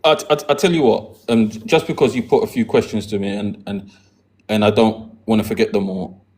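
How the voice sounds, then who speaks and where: A man with a British accent, raised in the UK, answers in a measured, conciliatory way. His voice sits slightly low, and he often stammers as he starts a sentence. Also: fairly even intonation, darkish tone. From United Kingdom. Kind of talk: conversational debate.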